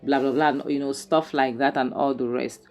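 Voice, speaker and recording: A woman with a deep, low voice recaps a drama episode in loose, rambling commentary. She sounds exasperated and keeps filling her talk with "you know" and "um". Soft music plays faintly behind her. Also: fairly even intonation. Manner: exasperated, talks fast with many fillers and "you know". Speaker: movie reviewer.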